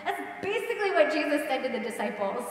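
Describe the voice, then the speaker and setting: A woman pastor giving a casual, animated sermon and acting out the voices she quotes. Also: high-pitched, moderate pace. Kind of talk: conversational sermon. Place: large church sanctuary. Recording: echoey church hall, distant mic.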